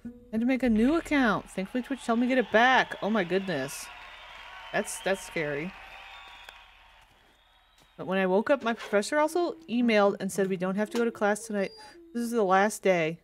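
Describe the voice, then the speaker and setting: A woman's voice: mid-range voice, animated, moderate pace, pauses often, a little hiss or hum. A woman in her twenties chatting casually as she streams a game, giggly and rambling, with many restarts. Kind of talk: casual gameplay commentary.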